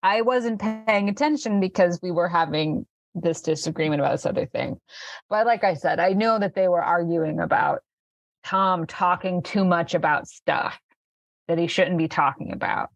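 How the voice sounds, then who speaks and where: A woman's voice: lowish voice, moderate pace, gravelly, no echo. A woman voicing a laid-back stoner man who rambles and hesitates, recorded close and dry. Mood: vague. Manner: rambling, hesitant, full of fillers.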